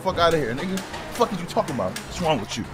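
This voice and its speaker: A man streaming a game roleplay as a police officer, loud, brash and profane, joking and yelling. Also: on the high side, big pitch swings, racing, music in the background.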